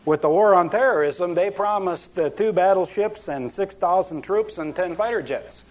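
A man voicing Ole, a folksy Scandinavian joke figure, with a put-on Norwegian accent and a drawn-out sing-song delivery. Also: high-pitched, pitched above the performer's own voice, low-quality recording. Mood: earnest.

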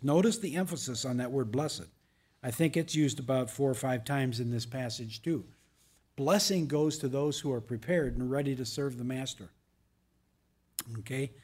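A man's voice: medium pitch, unhurried, darkish tone, breathy edge. A man preaching a verse-by-verse sermon as pastor, reading verses with emphasis and adding casual asides to the congregation.

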